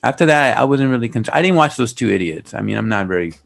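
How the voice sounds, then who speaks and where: A man's voice: medium pitch, animated, fast talker, gravelly. A man with a Chicano accent, co-hosting a podcast in casual chat, rambling and laughing as he reminisces. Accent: Chicano English. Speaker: podcast co-host.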